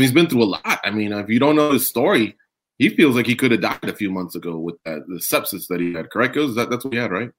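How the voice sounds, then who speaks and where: A man hosting a casual sports talk show, animated and rambling, asking his co-host questions. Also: medium pitch.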